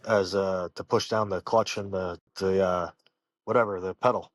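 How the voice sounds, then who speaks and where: A man, a professional fighter, telling personal stories in an interview, halting and full of fillers and restarts. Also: deep voice, steady tone, dry recording. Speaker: professional fighter, podcast guest. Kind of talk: casual interview storytelling.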